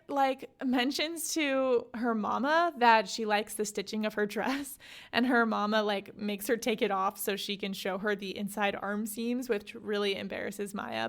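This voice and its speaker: A young adult woman hosting a book podcast, summarizing a memoir in a chatty, animated way full of "like" and "you know". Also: on the high side. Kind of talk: casual book summary with read-aloud excerpts.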